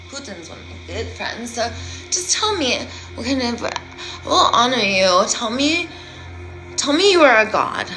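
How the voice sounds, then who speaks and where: A woman rambles through a theatrical live-stream monologue, playful and dramatic, dropping to near-whispers and then swelling again. Her voice is bright and forward, with faint music underneath. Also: medium pitch, low-quality recording. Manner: rambling, playful, dramatic, swings between loud and hushed. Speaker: self-styled healer and live streamer.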